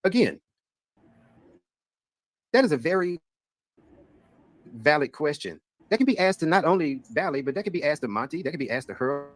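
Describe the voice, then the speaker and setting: A man's voice: on the high side, sing-song, moderate pace, pauses often, no echo. A man hosting drama commentary, replaying clips and explaining with sarcasm. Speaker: commentary streamer.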